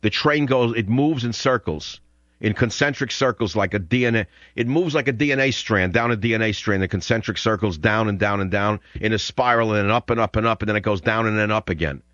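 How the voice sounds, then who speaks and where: A man's voice: fairly low pitch, a little fast, a bit bright, dry recording, lo-fi sound. An older man hosting a radio talk show, rambling and combative as he rants between clips. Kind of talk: opinionated radio monologue.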